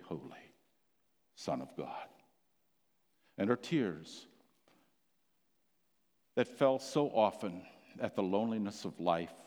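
A man preaching a sermon, telling the story with passion, his voice swelling loud and then sinking almost to a whisper. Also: medium pitch, in a large hall.

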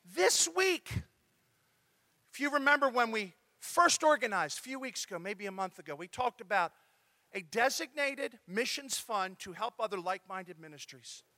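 A man preaching a sermon as pastor, talking to his congregation in a lively, conversational way. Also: high voice, normal speed, no room sound.

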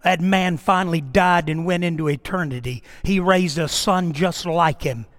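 A middle-aged man preaches from the pulpit with a notably high voice. He swings from emphatic, rising declarations to hushed, quiet lines. His words ring out with a long reverb through a church sanctuary. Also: moderate pace. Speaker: pastor. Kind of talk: sermon.

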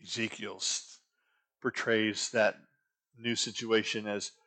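A man's voice: lowish voice, level tone, slow pace, sharp tone. A middle-aged man preaching a sermon as a pastor, talking conversationally and asking the congregation rhetorical questions.

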